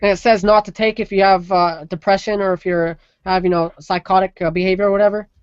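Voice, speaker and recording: A woman's voice: medium pitch, fairly even intonation, fast, smooth, no room sound, highs cut off. A woman hosting a casual call-in talk show, talking emphatically and rambling with many restarts. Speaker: podcast host. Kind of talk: casual opinion chat.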